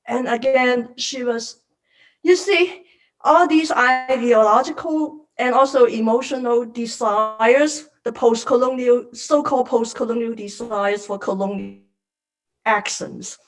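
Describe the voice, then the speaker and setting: A woman's voice: fairly high pitch, unhurried, rough recording. A woman speaking as an academic panelist in an online seminar, earnest and openly emotional, apologizing for her feelings.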